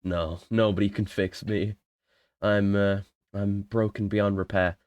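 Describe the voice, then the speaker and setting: Rambling, sweary streamer. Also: male voice, fairly low pitch, little pitch movement, a little slow, darkish tone. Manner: rambling, sweary, self-mocking. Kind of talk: casual game commentary.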